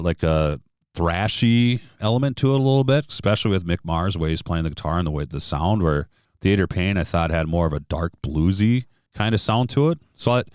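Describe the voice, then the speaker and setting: A middle-aged man with a very low voice, talking as a podcast guest. He reminisces in a relaxed, easygoing way and chuckles often. The sound is close and dry. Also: dry recording. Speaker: guest, guitarist and music store owner. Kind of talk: casual podcast conversation.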